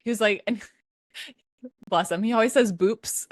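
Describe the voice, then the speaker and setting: A woman's voice: a little high, measured pace, no echo. Giggly rambling woman, dry close sound. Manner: giggly, rambling, many restarts and fillers. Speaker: podcast host. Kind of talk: casual chat.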